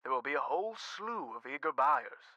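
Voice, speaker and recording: A man's voice: fairly high pitch, lively intonation, moderate pace, pushed and bright, no room sound, highs cut off, full character voice. An actor playing a refined, faintly pompous male carousel art expert who talks on the phone in a video game. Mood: genteel. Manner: precise, theatrical, faintly pompous.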